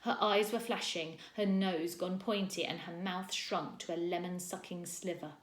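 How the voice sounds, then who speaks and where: A woman teacher reading a children's chapter book aloud, expressive and acting out the characters. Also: fairly low pitch, moderate pace, few pauses. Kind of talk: storybook read-aloud. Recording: echoey room.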